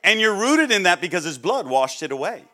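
A man preaching a sermon as a guest speaker, joking and acting out the people he quotes, then dropping low and quiet for serious points. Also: brisk. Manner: animated, jokey, acts out quoted people.

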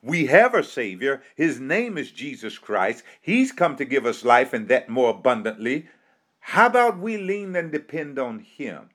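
Here an American man's mid-range, somewhat bright voice is highly animated yet a touch slow. His impassioned, sermon-like speech leans on a repeated refrain and questions posed for effect.

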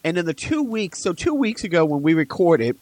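A man co-hosting a podcast, talking in a rambling, animated way with asides. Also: on the high side, fairly quick, dry recording. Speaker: podcast co-host. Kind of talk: casual podcast chat.

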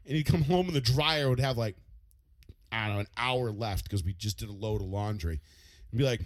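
A man co-hosting a casual podcast, talking fast and loose, swearing often and acting out other people's angry words. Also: lowish voice, no room sound. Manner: animated, swears a lot, acts out angry quotes. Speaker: podcast co-host. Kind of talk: casual profane chat.

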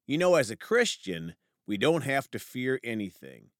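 Earnest preacher man, lively voice. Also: mid-range voice, normal speed, dry recording, clean studio sound. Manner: earnest, prayerful, reads verses aloud. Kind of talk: sermon with scripture reading.

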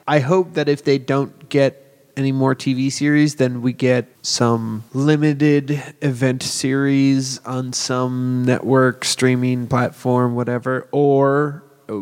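A man's voice: mid-range voice, fairly even intonation, a little slow, smooth, in a large hall. A man co-hosting a casual podcast chat, rambling and correcting himself as he goes. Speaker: podcast co-host.

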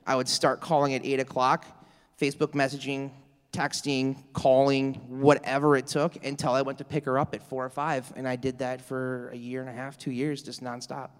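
A man's voice: mid-range voice, little pitch movement, moderate pace, clean tone, in a large hall. A man guest in an interview, telling his story in an upbeat, salesman-like way. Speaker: real estate agent, interview guest. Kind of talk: casual interview talk.

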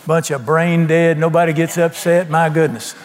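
A man's voice: fairly high pitch, level tone, normal speed, in a large hall, a little hiss or hum. An older man preaching a folksy, emphatic sermon, asking the congregation questions. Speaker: pastor.

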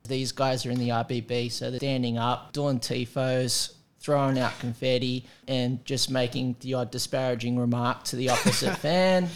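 A man's voice: medium pitch, steady tone, moderate pace, few pauses, very noisy. A man hosting a podcast, chatting casually with wry humor and many fillers. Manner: rambling, filler-heavy, wry. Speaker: podcast host.

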